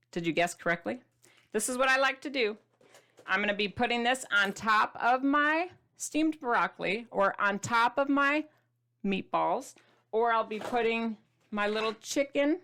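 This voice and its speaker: A woman's voice: fairly high pitch, a bit bright. A middle-aged woman hosting a casual food vlog, chatty and playful, showing food to the camera with the odd dramatic whisper. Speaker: keto diet author and host.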